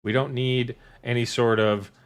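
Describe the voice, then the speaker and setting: Play a male podcast co-host in loose, casual chat. He rambles, stacks up half-finished clauses and lets them trail away, with a dry, sarcastic edge under everything. Keep the pitch in an ordinary middle range. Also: level tone, unhurried, clean tone.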